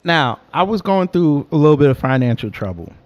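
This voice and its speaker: A man's voice: fairly high pitch, fairly quick, highs cut off. A young man from New York, telling a story in a casual, slangy way and answering his chat as he goes. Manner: animated, slangy, talks back to chat. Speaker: host.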